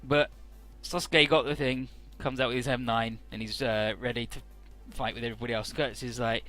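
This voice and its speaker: Man, casual game commentary, bright forceful voice, swears, does goofy character voices, faint game music behind. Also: medium pitch, steady tone, a little fast. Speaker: let's play commentator.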